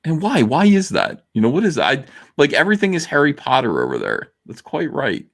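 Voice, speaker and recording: A man's voice: fairly high pitch, huge pitch swings, fast, vocal fry. A man from the US hosting a livestream, ranting sarcastically in a comment-reading commentary. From United States. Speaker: livestream host.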